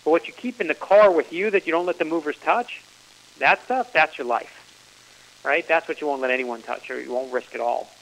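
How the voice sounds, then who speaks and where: Man, author guest, bright tense voice, gravelly edges, earnest storytelling, faint hiss. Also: on the high side, normal speed, rough recording. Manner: earnest storytelling, many restarts. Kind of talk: radio interview.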